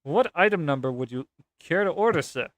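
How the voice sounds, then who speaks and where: A man's voice: a little high, fairly quick, no room sound, lightly acted. A man putting on a bored young sales operator woman. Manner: flat bored monotone, curt.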